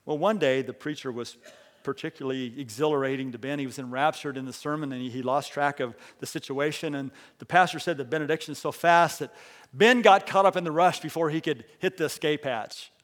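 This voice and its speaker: Man, pastor, storytelling sermon, fairly high voice, hushed to loud emphatic swings. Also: a little fast, in a large hall. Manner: leads congregation in call and response.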